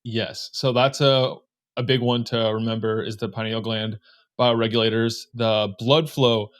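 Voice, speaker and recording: A man's voice: medium pitch, steady tone, a little slow. A man hosting an interview, prompting his guest with curious, conversational questions. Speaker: interview host.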